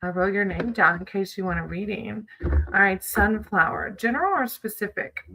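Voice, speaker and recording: A woman's voice: mid-range voice, normal speed, pushed and bright, slight background noise, low-quality recording. A woman chatting casually with viewers on a livestream, greeting them by name and reading tarot cards.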